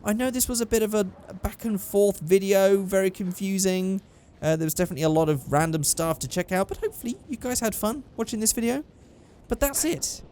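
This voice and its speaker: A young man talks through a video game in a chatty, upbeat way, reacting as he goes. His voice sits fairly high for a man. He sounds casual and unscripted. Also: a little fast, a little mellow, slight background noise. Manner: chatty and upbeat, thinking aloud. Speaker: gaming YouTuber. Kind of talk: casual gameplay commentary.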